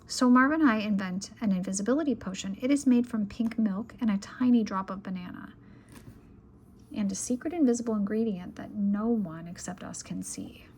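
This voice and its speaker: A woman reading a children's picture book aloud in a calm, gentle bedtime manner, at times sinking to a whisper. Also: medium pitch, normal speed, slight background noise. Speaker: children's storyteller.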